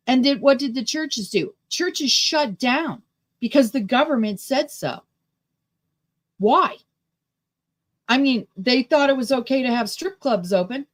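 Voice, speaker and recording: A fairly high-voiced woman holds forth on talk radio with fired-up conviction. She is middle-aged, and her monologue builds from measured complaint into emphatic indignation, recorded in a studio. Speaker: radio show host.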